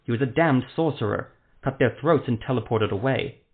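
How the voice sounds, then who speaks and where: A man's voice: medium pitch, moderate pace, close to an everyday voice. A man reading aloud, voicing a male sorcerer who heals a wounded friend and curses under pressure. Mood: frantic. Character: anxious male sorcerer healer, cursing under strain. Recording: tinny phone-like lo-fi sound.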